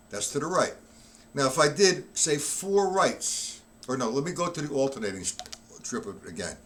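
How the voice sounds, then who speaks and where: A drum teacher with a medium-pitched voice gives a live-streamed lesson at a normal pace over heavy background noise. He isn't feeling well, coughing now and then while counting the beats aloud as he demonstrates.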